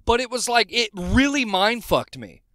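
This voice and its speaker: A man's voice: extremely high pitch, big pitch swings, moderate pace, sharp tone, no echo, studio quality. A man on a podcast telling a casual story, rambling with many restarts. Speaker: podcast co-host.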